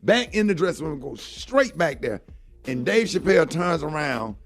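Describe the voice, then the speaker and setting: A man's voice: fairly high pitch, big pitch swings, normal speed, gravelly, soft background music. A middle-aged man hosting a morning radio show, telling a heartfelt story in an earnest way and saying "man" often. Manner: earnest, heartfelt, fills talk with "man" and "you know".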